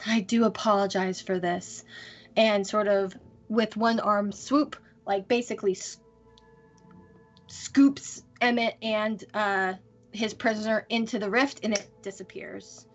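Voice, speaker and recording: A woman narrating a tabletop game as game master, pausing often and using many fillers. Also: medium pitch, fairly bright tone, dull audio. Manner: hesitant, full of fillers.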